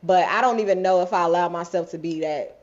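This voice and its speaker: A woman co-hosting a podcast, telling lively, candid stories with frequent laughs in casual chat. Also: fairly low pitch, fast talker. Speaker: podcast co-host. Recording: dull lo-fi podcast audio.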